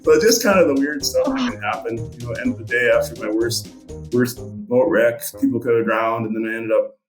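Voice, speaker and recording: A man's voice: medium pitch, a little fast, echoey room, faint music behind. A middle-aged man and fishing guide, telling a story casually in a rambling way with many fillers. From Montana.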